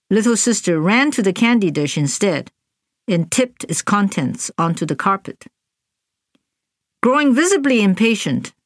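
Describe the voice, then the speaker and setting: Woman narrator for a memoir audiobook: slow and deliberate, lowish voice, dry close recording. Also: no room sound. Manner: measured, deliberate, even delivery.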